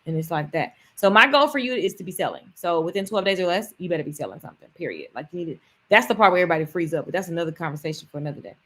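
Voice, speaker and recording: A woman business coach talking to viewers on a live stream, chatty and energetic, addressing them directly. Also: medium pitch, quick pace.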